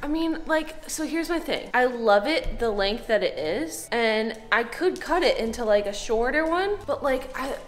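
A playful woman in her thirties chatting in a comedic home vlog, her voice fairly high and bouncing all over with animated pitch. The room is echoey, with faint music underneath. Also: moderate pace, few pauses. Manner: playful, silly, says "like" a lot. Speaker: vlogger host. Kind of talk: casual comedic vlog chat.

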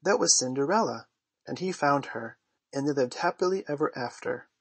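A man putting on an excitable young girl. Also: fairly high pitch, measured pace, breathy edge, dry recording, pitched above the performer's own voice, heavily acted. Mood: eager. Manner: breathless, pleading, excited exclamations.

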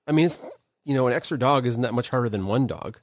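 A man hosts a relaxed science chat, cracking jokes and often breaking off mid-sentence. His voice sits mid-range, and the sound is dry and close to the mic. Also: mid-range voice, fast talker, dry recording. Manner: rambling, joking, self-interrupting. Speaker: host. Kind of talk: casual live audio chat.

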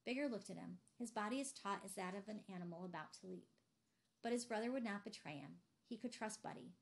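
A woman narrating a novel aloud in a steady, measured way. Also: mid-range voice, vocal fry. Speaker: audiobook reader.

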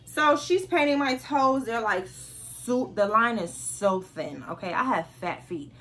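A young woman chatting straight to her viewers in a casual storytime vlog. She has a bright, somewhat high voice and acts out every quote with big, animated swings. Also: a little slow, a little hiss or hum. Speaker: vlogger.

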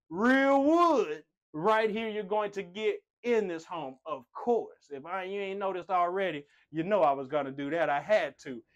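A man hosting a walk-through home tour, talking in a playful, showman-like way and joking about himself. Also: high-pitched. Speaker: tour host. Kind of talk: enthusiastic home tour presentation.

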